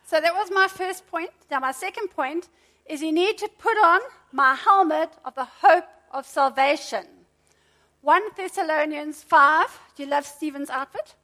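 A middle-aged woman preaching a sermon, lively and conversational, with asides to the congregation. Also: extremely high pitch, normal speed.

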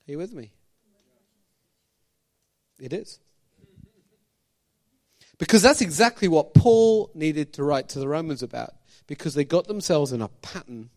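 A man preaching a sermon as pastor, animated, firing questions at the congregation with jokey asides. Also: a little high.

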